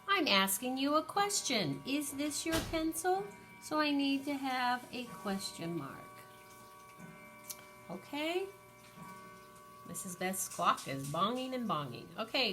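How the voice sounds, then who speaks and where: A woman teacher slowly and patiently counting aloud through an early-grade lesson for young children. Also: on the high side, a bit bright.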